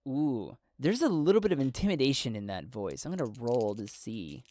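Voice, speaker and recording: A man narrating his solo tabletop role-playing game in a relaxed way, thinking aloud as he goes. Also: mid-range voice, normal speed, few pauses, no room sound, studio quality.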